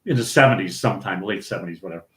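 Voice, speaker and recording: A man's voice: sits low, racing. An older man from St. Paul, Minnesota, a podcast guest telling a casual story with laughs and restarts. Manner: animated, laughing anecdote-telling with many restarts. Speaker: podcast guest, former pro bowler. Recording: roomy echo.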